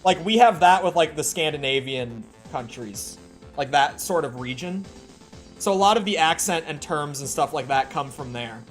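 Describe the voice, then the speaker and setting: Minnesota guy streaming a game, kinda high voice, rambly with lots of likes, quiet music behind. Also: animated, normal speed. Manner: rambling, filler-heavy, with frequent "like". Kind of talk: casual chat while playing.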